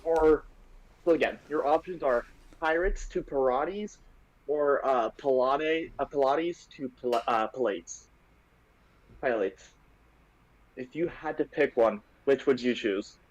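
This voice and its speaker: A man's voice: fairly high pitch, a little slow, lo-fi sound. A man in casual stream chat, ranting in exasperation about a pet peeve.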